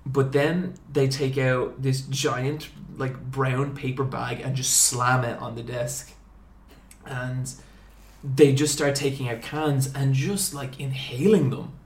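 A young man hosting a podcast, telling animated comic stories with plenty of swearing. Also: mid-range voice, slow, echoey room. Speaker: podcast host. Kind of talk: casual storytelling chat.

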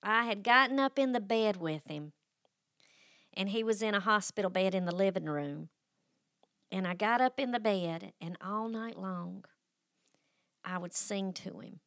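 A woman's voice: medium pitch, a little slow, long pauses, fairly bright tone, no echo. Lady podcast host, folksy and emotional, lots of little sighs, dry sound. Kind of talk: personal storytelling on a faith podcast.

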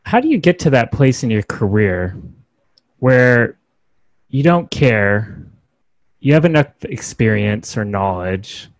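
A man's voice: medium pitch, big pitch swings, takes it slowly, no echo. A man hosting a podcast, asking long, searching questions in a casual way. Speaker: podcast host.

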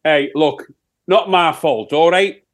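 A man's voice: on the high side, slow pace. A man putting on a sweary Sheffield rock singer. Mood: cocky. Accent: put-on Sheffield. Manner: crude, boastful, rambling, swearing a lot.

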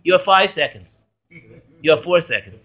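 A man, a rabbi, teaching a Torah class in a lively way, quizzing and joking with his students. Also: on the high side, normal speed, muffled recording.

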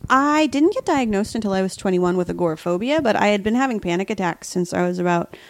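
A woman's voice: medium pitch, animated, fast talker, a little hiss or hum. A woman guest in casual podcast chat, talking in a chatty, jokey way and laughing often.

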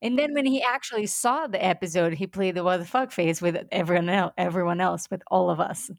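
A woman's voice: on the low side, brisk, gravelly, no echo, clean studio sound. A young woman co-hosting a casual TV recap chat, reacting bluntly and emphatically. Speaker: podcast co-host.

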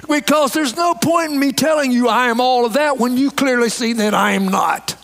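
A man's voice: very high voice, moderate pace, gravelly, hardly any pauses, a bit bright, in a large hall. A man preaching a sermon as pastor to his church, reading scripture and urging honesty.

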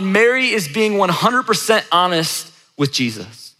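Bright-voiced man preaching in a hall. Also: high-pitched, sing-song, a little slow. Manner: conversational, emphatic repetition. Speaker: pastor. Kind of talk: sermon. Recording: echoey hall reverb.

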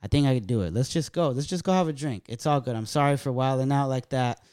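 A man telling a story in a casual podcast chat, animated and profane, acting out what people said. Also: medium pitch, fast talker, clear, resonant tone, dry recording, clean studio sound. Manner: profane, animated, acts out quotes.

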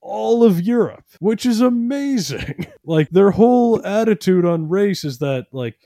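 A man, rambling and joking in a casual podcast chat and slipping into quick silly voices. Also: high voice, animated, warm tone, no echo, clean studio sound.

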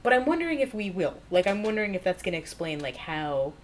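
A woman co-hosting a podcast, chatting casually and gushing with excitement, with lots of fillers. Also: mid-range voice, fast talker, a little hiss or hum. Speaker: podcast co-host. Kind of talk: casual fan chat.

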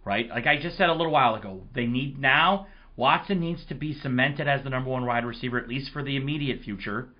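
A man hosting a casual sports podcast, his voice hoarse, telling rambling, excitable stories. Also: mid-range voice, quick pace, lo-fi sound. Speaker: podcast host.

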